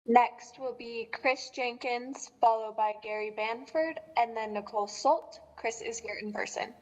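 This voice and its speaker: A woman chairing a council meeting, calling the next speakers in a measured, formal way. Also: fairly high pitch. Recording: long hall reverb.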